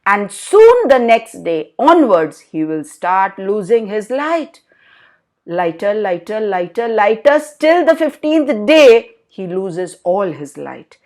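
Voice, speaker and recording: A woman telling a children's story, animated and asking her listeners questions. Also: medium pitch, slow, hardly any pauses.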